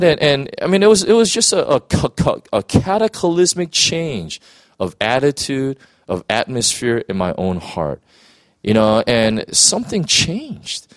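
A man's voice: medium pitch, no room sound. A man who is a pastor telling an emotional personal testimony in earnest conversation, full of restarts and "you know"s.

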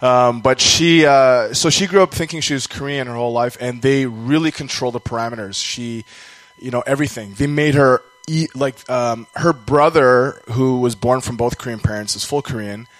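A man's voice: medium pitch, normal speed, rough recording. A Canadian man telling a personal story during a sermon, rambling and self-deprecating, sometimes acting out the voices of people he quotes.

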